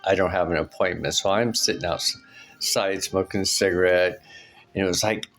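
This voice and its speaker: Man, low voice, rambling casual anecdote, lots of fillers, faint music behind. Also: fairly even intonation, normal speed, a bit bright. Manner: rambling, with many fillers and tag questions. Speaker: storyteller recounting a personal experience.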